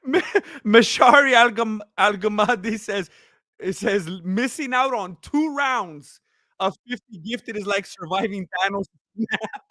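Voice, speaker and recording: A young man hosting a casual livestream, reading viewer comments and thanking fans, excitable and laughing often, his voice going hoarse from talking so much. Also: high-pitched, slow pace, dry recording, studio quality. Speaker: livestream host.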